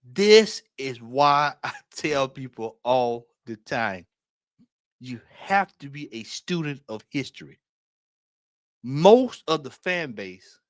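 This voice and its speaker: A man hosts a casual late-night livestream, his voice sitting a little high for a man. He talks in an animated way, reading aloud and calling out to his chat. The sound is dry and close, with no room around it. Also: dry recording. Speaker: fan channel host.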